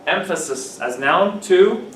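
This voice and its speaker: A man teaching an English class, patiently drilling example sentences and stressing words slowly. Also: high-pitched, expressive, slight background noise. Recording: echoey classroom from a distant mic.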